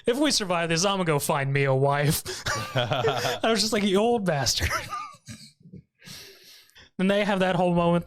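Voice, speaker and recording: A man's voice: medium pitch, smooth. A man co-hosting a podcast, casually recapping an anime episode, laughing often and briefly mimicking the characters. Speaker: podcast co-host.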